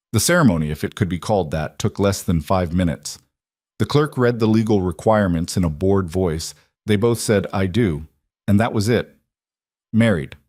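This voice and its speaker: Low-voiced man narrating a story. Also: no room sound, clean studio sound. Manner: even, measured storytelling.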